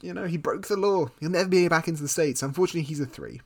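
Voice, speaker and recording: A man's voice: a little high, racing. A man co-hosting a podcast in casual chat, arguing his points in a teasing, mock-stern way. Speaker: podcast co-host.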